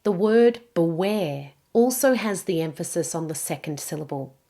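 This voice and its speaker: A woman teaching English pronunciation, saying each word slowly and carefully for learners to repeat. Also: fairly low pitch, lively intonation, dark tone. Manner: slow, careful modelling of words. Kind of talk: pronunciation lesson.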